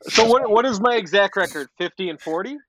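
A man's voice: sits high, animated, brisk, a crowd in the background, low-quality recording. A man hosting a casual sports podcast, joking and steering the talk between segments. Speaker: podcast host.

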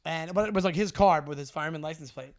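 New male podcast co-host, quick, high-pitched, animated storyteller. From Long Island, New York. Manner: animated storyteller, swearing, many restarts. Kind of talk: casual chat.

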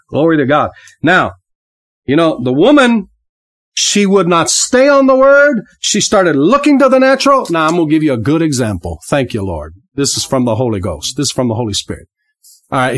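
A preacher giving a fervent podcast sermon, rising and falling for emphasis, with praise exclamations and repeated words. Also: mid-range voice. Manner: repeats words, laughs briefly.

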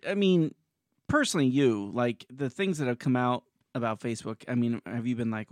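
A man's voice: mid-range voice, normal speed, dry recording, clean studio sound. A man co-hosting a casual talk show, mostly giving short agreeing replies and now and then a blunt, sweary opinion. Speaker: co-host. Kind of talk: casual chat.

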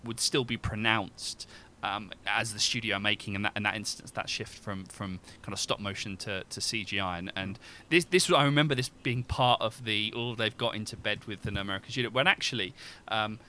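Bright-voiced rambling male scholar. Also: lowish voice, steady tone, normal speed, hardly any pauses, a little hiss or hum. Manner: rambling, many restarts and fillers. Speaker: guest film scholar. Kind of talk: academic discussion.

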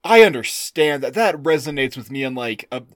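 A man co-hosting a podcast in casual chat, a bit drunk, loud and giggly, swearing freely. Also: medium pitch, expressive, moderate pace, dry recording, clean studio sound. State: tipsy from drinking. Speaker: podcast co-host.

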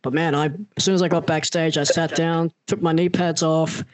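A man's voice: fairly high pitch, level tone, normal speed, clear, resonant tone, dry recording. A male podcast host who also wrestles, talking earnestly and telling stories fluently. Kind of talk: podcast interview.

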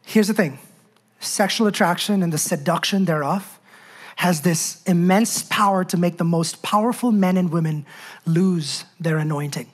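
A woman's voice: on the low side, normal speed. A woman preaching a sermon in an emphatic, conversational way, full of rhetorical questions and asides.

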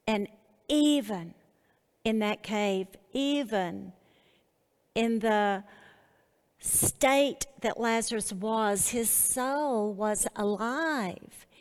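Brief: woman Bible teacher, unhurried and deliberate, phrases broken by pauses, long reverb. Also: fairly high pitch.

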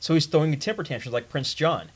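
Male, slightly high voice; playful, jokey, stammers into his points. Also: quick pace, slightly rough. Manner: playful, joking, stammering restarts. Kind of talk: casual chat.

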